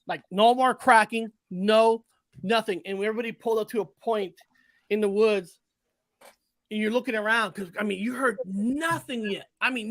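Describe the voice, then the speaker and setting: A man in his forties telling a story in casual conversation, animated and profane, often restarting and correcting himself. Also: high-pitched, no room sound. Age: 40s. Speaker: guest.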